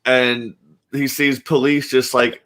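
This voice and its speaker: Animated man retelling scenes, swearing. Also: mid-range voice, takes it slowly. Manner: animated storyteller, swears freely. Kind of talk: casual podcast chat.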